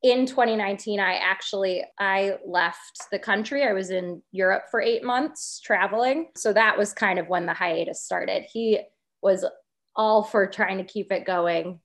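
A woman's voice: mid-range voice, measured pace, fairly bright tone. A young adult woman, a podcast co-host chatting as a guest with wry humor. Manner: wry, laughing easily. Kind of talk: casual chat.

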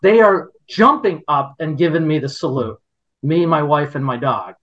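A man's voice: a little high, moderate pace, a bit bright, lo-fi sound. A man hosting a podcast, telling a story in casual chat, indignant and rambling with many restarts. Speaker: podcast host.

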